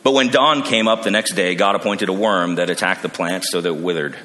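A man preaching a sermon, animated, acting out the characters he quotes. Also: low-pitched, a little fast. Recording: long reverb of a large hall.

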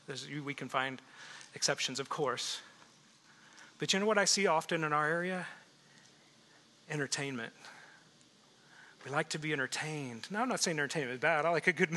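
A man preaching a sermon as pastor, lively, asking the congregation questions and laughing often. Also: a little high. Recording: echoey hall reverb.

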